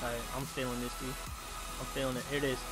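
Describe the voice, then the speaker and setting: A young man live streaming a game, chatting excitedly with viewers, reading their messages and calling them dude. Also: mid-range voice, racing, over loud music. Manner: excitable, chatty, reads chat aloud, calls viewers dude. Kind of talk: live gameplay streaming commentary.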